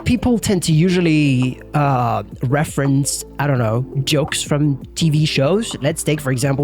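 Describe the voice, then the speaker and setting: A young man giving a casual English lesson, talking loosely with lots of fillers and the odd swear word. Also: medium pitch. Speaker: English teacher.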